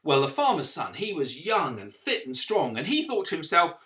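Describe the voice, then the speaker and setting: In a fairly high voice and at a normal speed, a man acting as a vicar delivers an animated story for children. He throws in sound effects and asks the listening kids questions along the way.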